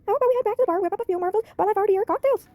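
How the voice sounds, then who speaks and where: Chirpy young gal, very high and squeaky, sing-song, recorded close and dry as a woman puts her on. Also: very fast, darkish tone, no echo.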